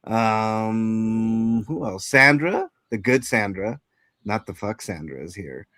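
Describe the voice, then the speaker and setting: A man's voice: on the low side, lively intonation, slow pace, a bit bright, dry recording, studio quality. A man hosting a casual livestream chat, greeting viewers and rambling with many fillers and restarts. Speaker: livestream host.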